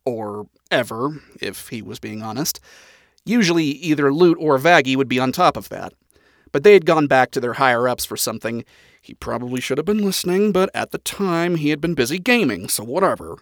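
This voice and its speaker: A man reading a story aloud as narrator, in an even, dryly expressive manner. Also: medium pitch, fairly quick, no echo, studio quality.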